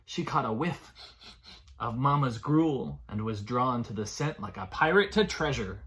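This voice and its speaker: Animated man reading to preschoolers. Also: medium pitch, measured pace. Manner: animated, sing-song reading to small children. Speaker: children's librarian. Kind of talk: preschool story time reading.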